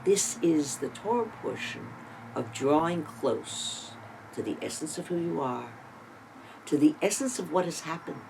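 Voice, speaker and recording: A Torah teacher delivers a sermon retelling a scripture story, creating drama through sharp shifts in loudness and emphasis and adding rhetorical questions and asides. The medium-pitched, creaky voice moves unhurriedly with lively intonation over a noisy background.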